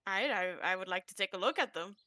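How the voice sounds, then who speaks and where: A woman playing a tabletop game, chatty and excitable. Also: mid-range voice, fast. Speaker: player.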